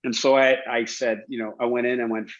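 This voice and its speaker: Animated middle-aged man telling a story. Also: mid-range voice, fairly quick, highs cut off. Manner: animated storyteller, acts out quotes, laughs. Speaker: former hockey player guest. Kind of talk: casual storytelling interview.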